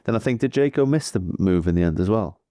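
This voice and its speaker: A man's voice: on the low side, expressive, fast, warm tone, dry recording, studio quality. A Welsh man co-hosting a cycling podcast, telling stories in a laid-back, chatty way. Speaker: podcast co-host, pro cyclist. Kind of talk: casual podcast chat.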